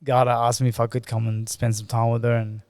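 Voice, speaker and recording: Gravelly, steady Australian man. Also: medium pitch, quick pace, no echo. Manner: retells conversations in quoted dialogue, loose and conversational. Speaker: podcast guest, former boxer. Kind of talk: emotional personal storytelling.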